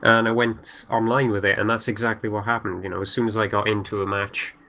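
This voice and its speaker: Man, podcast co-host, low voice, hesitant, lots of restarts. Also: level tone, gravelly, bright, forceful tone, a little hiss or hum, poor audio. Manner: halting, many you-knows and restarts. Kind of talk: casual gaming chat.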